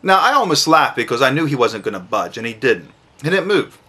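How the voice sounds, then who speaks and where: Bright-voiced man giving slow, clear advice. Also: mid-range voice, sing-song. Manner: slow, deliberate, emphatic enunciation. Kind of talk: instructional talk to camera.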